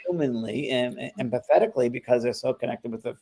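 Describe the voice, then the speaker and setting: An older man co-hosting a casual spiritual talk, animated and acting out the exchanges he describes. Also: medium pitch, quick pace, gravelly. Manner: animated, acts out quoted exchanges in lively voices. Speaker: spiritual medium and co-host. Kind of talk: casual conversational chat.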